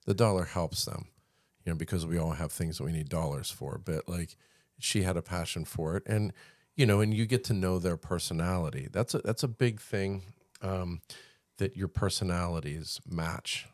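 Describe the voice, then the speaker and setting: A man's voice: low-pitched, normal speed, no room sound, clean studio sound. A man chatting about his photography trade, searching for words with many fillers and restarts. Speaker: commercial photographer, co-host. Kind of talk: casual conversation.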